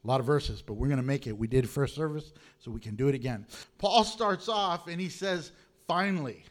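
A man preaching a sermon as pastor, animated and humorous, reading scripture and telling stories. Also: mid-range voice, a little fast.

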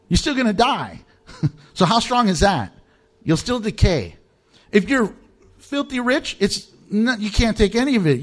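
A man preaching a sermon in an animated, emphatic way, chuckling often. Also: high-pitched. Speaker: pastor.

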